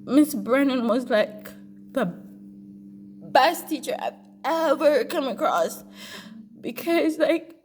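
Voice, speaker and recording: A woman with a somewhat high voice speaks straight to the camera in a candid personal monologue. She talks bluntly and swears freely, and she pours real feeling into her stories. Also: lively intonation, takes it slowly, pauses often, darkish tone, a little hiss or hum. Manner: blunt, profane and emphatic; earnest, emotional storytelling.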